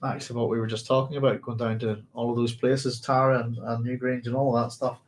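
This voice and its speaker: A man's voice: medium pitch, flat delivery, fairly quick. A man hosting a casual book club discussion from home, chatty and rambling, laughing easily.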